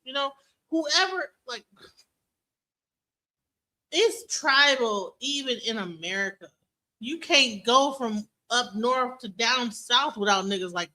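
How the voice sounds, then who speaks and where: Woman host, casual livestream talk, bright sharp tone, blunt and profane. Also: a little high, expressive, slow, long pauses, rough recording.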